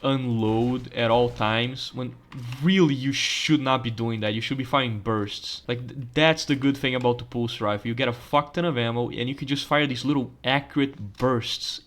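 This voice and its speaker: A man's voice: medium pitch, steady tone, normal speed, few pauses, a bit bright. Rambling, stammering young male gamer. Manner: stammering, crude joking, rambling. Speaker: gaming channel host. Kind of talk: casual gameplay commentary.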